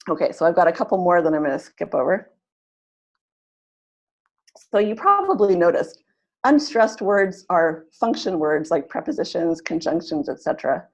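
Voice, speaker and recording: A woman leading a webinar for language teachers, explaining in a practical teaching tone and slowly modeling example sentences. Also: on the low side, rough recording. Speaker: teacher trainer. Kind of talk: webinar presentation. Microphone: computer mic in an online webinar.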